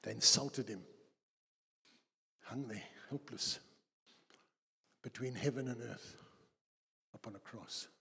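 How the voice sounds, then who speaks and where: A man preaching a sermon as pastor, dramatic, slowing for quotes and quickening in anecdotes. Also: medium pitch, pushed and bright. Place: church hall. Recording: husky voice in a long-reverb church hall.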